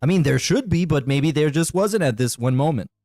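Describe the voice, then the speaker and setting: A man's voice: fairly high pitch, lively intonation, fairly quick, a little mellow, no room sound, soft background music. A man in casual podcast banter, blunt and dismissive, swearing freely.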